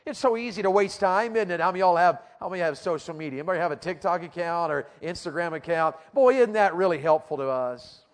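A man preaching a sermon, questioning the congregation and reading scripture slowly and deliberately. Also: sits high. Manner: call-and-response, asking the crowd questions. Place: church auditorium. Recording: reverberant hall.

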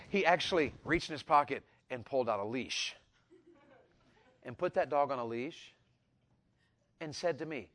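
A man telling a folksy personal story, animated and repetitive, rising to loud peaks. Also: mid-range voice, normal speed, long pauses. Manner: animated, repeats words, builds to loud peaks. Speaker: storyteller speaker.

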